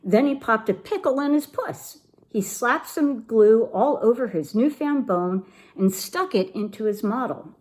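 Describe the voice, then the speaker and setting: Animated woman reading a storybook aloud. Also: a little high, unhurried. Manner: expressive and animated. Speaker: storybook reader for children. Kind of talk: reading a picture book aloud.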